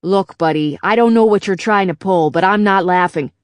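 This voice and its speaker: A woman's voice: mid-range voice, moderate pace, no echo, clean studio sound, lightly acted. A woman voicing a worn-out, confused male robot bartender with a Chicago accent and a brash, profane way of talking. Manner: brash, profane working-class bar talk.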